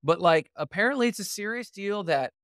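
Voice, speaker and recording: A man's voice: high voice, expressive, brisk, fairly bright tone, no echo, studio quality. A young man co-hosting a podcast, telling a story casually, acting out quotes and laughing often. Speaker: podcast co-host.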